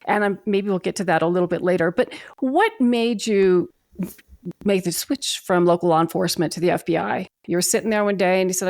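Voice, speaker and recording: A woman's voice: on the low side, a little fast, a little mellow, dry recording, studio quality. A woman hosting a podcast interview, giving chatty, friendly introductions. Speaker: podcast host.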